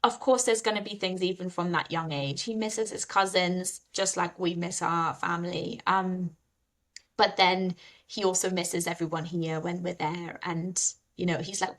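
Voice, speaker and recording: A woman's voice: lowish voice, normal speed. A woman, a mother and podcast guest, telling candid stories in casual chat with laughs. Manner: candid, animated storytelling with laughs. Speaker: mother of two.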